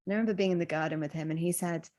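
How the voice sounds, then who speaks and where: A woman in a reflective podcast conversation, telling a story in a gentle, thoughtful, measured way. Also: on the low side, steady tone.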